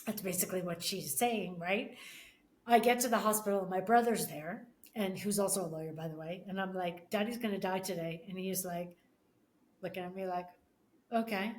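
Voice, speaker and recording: A middle-aged woman, a podcast guest, telling a personal story with many restarts and pauses, often emotional. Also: fairly low pitch, a little hiss or hum. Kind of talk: casual conversation.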